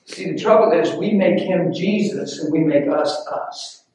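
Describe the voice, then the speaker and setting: A man preaching a sermon, telling a personal story in a hushed voice and rising into loud, emphatic preaching. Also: on the high side, unhurried. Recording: echoey room, voice from far off.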